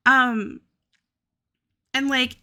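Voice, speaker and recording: A woman's voice: sits high, steady tone, very slow, bright, forceful tone. A woman in her twenties from the American South, chatting casually with viewers as a streamer, full of "like" and swearing freely. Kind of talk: casual chat with chat.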